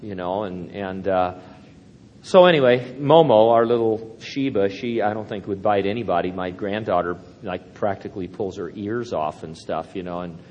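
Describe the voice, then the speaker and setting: Older pastor preaching in a reverberant hall. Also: male voice, lowish voice, normal speed, a little mellow, muffled recording. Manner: rambling, anecdotal, self-deprecating humor. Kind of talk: sermon.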